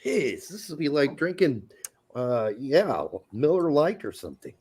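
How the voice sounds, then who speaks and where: A man's voice: fairly high pitch, sing-song, a little slow, a little mellow, slightly rough. A man co-hosting a casual podcast, joking and swearing while drinking beer and talking cooking. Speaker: podcast co-host.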